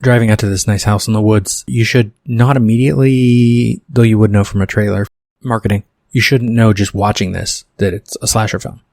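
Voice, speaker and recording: A man's voice: on the low side, fairly even intonation, a little fast, gravelly, darkish tone, no room sound, studio quality. A man hosting a podcast, reading his own screenplay and rambling through self-correcting asides about it. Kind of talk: casual podcast commentary on his own script.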